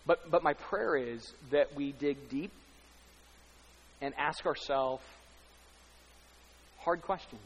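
A man's voice: fairly high pitch, takes it slowly, pauses often, breathy edge. A man preaching a sermon as pastor, speaking emphatically, building runs of repeated lines and rhetorical questions. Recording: long hall reverb.

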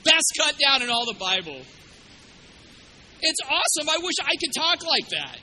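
High, bright-voiced joking male preacher. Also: normal speed, poor audio. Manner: animated, joking, acts out quotes with sudden loud bursts. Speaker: pastor. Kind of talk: sermon.

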